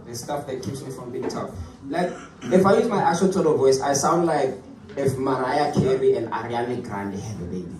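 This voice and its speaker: A man's voice: medium pitch, moderate pace, a little mellow. A young man from Africa doing stand-up with a put-on British accent, chatty and self-deprecating, often restarting his sentences. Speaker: stand-up comedian. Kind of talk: stand-up comedy set. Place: comedy club stage. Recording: echoey room, far mic, crowd noise.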